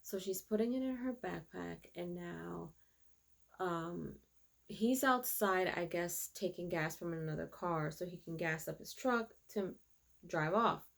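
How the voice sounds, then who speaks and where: A woman's voice: lowish voice, unhurried, vocal fry, fairly bright tone. A woman in a casual episode recap, chatty and hesitant with many fillers. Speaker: show reviewer.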